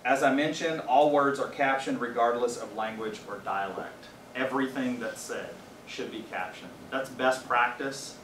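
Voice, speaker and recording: A faculty trainer from Louisiana gives a casual presentation to a small group in a training room, explaining things plainly with wry asides. His mid-range voice is fairly bright and moderately paced. The distant mic picks up roomy echo, faint ambience, and a slight hiss or hum.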